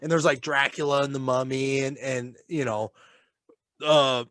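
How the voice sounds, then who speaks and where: A man's voice: medium pitch, fairly even intonation, unhurried, a bit bright, no room sound, studio quality. A man co-hosting a casual chat. He talks animatedly, swears freely and laughs often. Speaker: podcast co-host and father.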